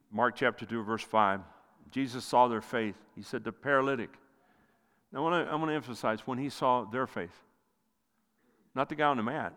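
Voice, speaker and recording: A male pastor preaching a sermon with passion, rising loud and then dropping to near quiet. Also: clean tone. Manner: impassioned preaching, swells loud then drops low. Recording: long hall reverb.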